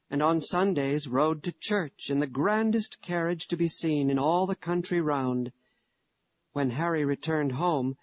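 A reader narrating an old-fashioned story slowly and gently, in the first person as a mother. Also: mid-range voice, no room sound, dull audio. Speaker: audiobook reader.

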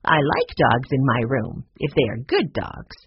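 Aunt Jane, a reader's gruff old aunt. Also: mid-range voice, very animated, dull audio, a little hiss or hum, pitched below the performer's own voice. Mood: brisk. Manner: gruff, brisk, dry. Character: stern, tired old aunt, sick in bed. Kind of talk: storybook reading.

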